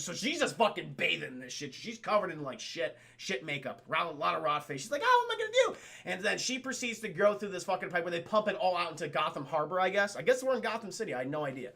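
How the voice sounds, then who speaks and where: A young man rambles through a film recap for his live chat, swearing freely and stopping to address chat. His voice is high and bright, with a gravelly edge. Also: lively intonation, fast talker, hardly any pauses. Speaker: film reviewer streaming to chat. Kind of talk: casual spoken film review.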